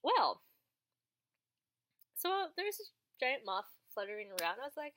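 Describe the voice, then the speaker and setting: A young woman chatting casually to the camera as she answers viewers' questions, acting out quoted lines with sudden high jumps in her voice. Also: sing-song, unhurried, bright, forceful tone, slight background noise. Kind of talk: casual storytelling vlog.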